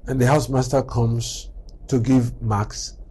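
The low-quality recording captures a middle-aged man giving an unhurried motivational talk on character in a mid-range, slightly rough voice. He animatedly tells stories and performs brief dialogues as he goes.

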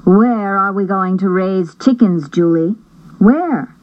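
A woman's voice: medium pitch, slow, muffled recording, lightly acted. A woman voicing a skeptical, worried mother who asks doubtful questions.

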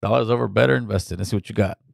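A man's voice: lowish voice, racing, gravelly, dry recording, clean studio sound. A middle-aged man hosting a casual call-in show, loose and slangy, repeating himself as he talks.

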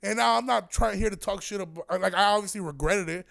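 A man's voice: sits high, quick pace, creaky, fairly bright tone. A man in his twenties telling a rambling, profane, slang-heavy story in casual chat. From Aurora, Illinois area.

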